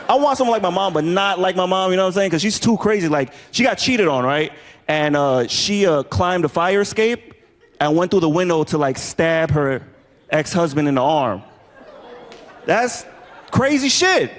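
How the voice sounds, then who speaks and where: A man doing a stand-up comedy set, telling animated stories and shouting out impressions. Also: sits high, a little slow, long pauses, big-room sound. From New York. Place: comedy club stage with a live audience. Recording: crowd laughter and room noise.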